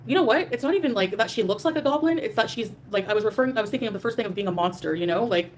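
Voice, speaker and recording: This livestream host, a young adult woman, fires off a rapid, defiant rant at her chat while going through super chats, swearing freely and leaning on fillers. Her voice sits a little high, and some background noise is audible.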